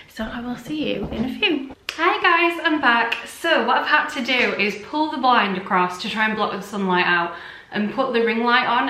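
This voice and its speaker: A woman's voice: on the high side, pushed and bright, reverberant, a little hiss or hum. Chatty woman vlogging at home. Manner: chatty and gushing, with frequent ums and likes. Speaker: beauty vlogger. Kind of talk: casual chat to camera. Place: room at home.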